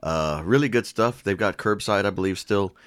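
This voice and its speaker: A wisecracking male podcast co-host talks in a very low voice, full of quick jokes and asides. He is in a small home studio. The sound is dry and close, with no room echo. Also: fairly bright tone, clean tone. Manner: jokey, wisecracking. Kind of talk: casual chat.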